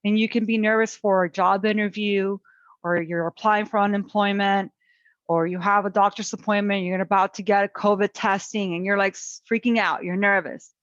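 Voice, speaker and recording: A middle-aged woman teaching a parenting webinar, gentle and coaching in tone, talking through calm self-talk. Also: medium pitch, moderate pace, no echo, dull audio. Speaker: parent educator.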